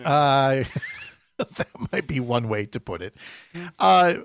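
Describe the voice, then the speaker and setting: A man's voice: mid-range voice, lively intonation, takes it slowly, a bit bright. A man hosting a casual radio talk show, joking with his co-hosts and reading listener texts. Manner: jokey, laughs often, reads listener texts.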